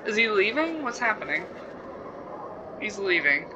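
A woman's voice: mid-range voice, big pitch swings, unhurried, highs cut off, background noise. A woman hosting a game let's play, chatting casually, swearing freely and reacting aloud to what happens on screen. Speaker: gaming channel host.

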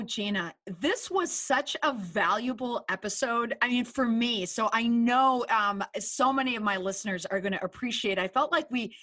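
Woman host chatting with a guest on a podcast, lots of excited reactions, voice jumps around a lot. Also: on the high side. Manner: animated, enthusiastic reactions. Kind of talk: casual interview chat. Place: Massachusetts area.

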